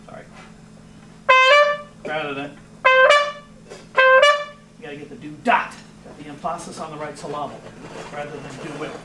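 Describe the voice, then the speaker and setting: A man coaching a school jazz band in rehearsal, animated and joking as he gives notes. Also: a little high. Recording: distant mic with room noise.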